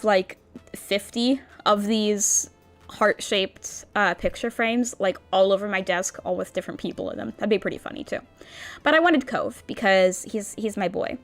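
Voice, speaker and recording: Bubbly, cutesy woman streamer. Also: a little high. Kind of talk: casual stream chat. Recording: faint background music.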